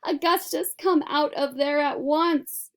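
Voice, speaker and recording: A shrill, frantic mother from a children's storybook, put on by a woman reader, shrieking her words sharp and high. She scolds and demands in a bossy, indignant voice. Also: fairly even intonation, slow pace. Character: hysterical plump rich mother, shrill and bossy.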